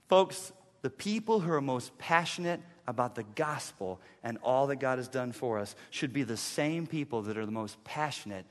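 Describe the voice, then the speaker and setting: A man's voice: a little high, pushed and bright. A middle-aged man pastor preaching a conversational sermon, acting out his own thoughts as he goes. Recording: long hall reverb.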